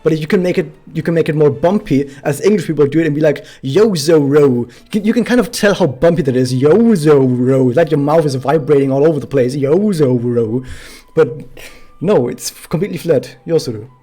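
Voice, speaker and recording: Chatty male streamer, mellow voice. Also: fairly high pitch, fast, husky. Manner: chatty, explains pronunciation with many fillers. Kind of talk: casual gameplay commentary to chat.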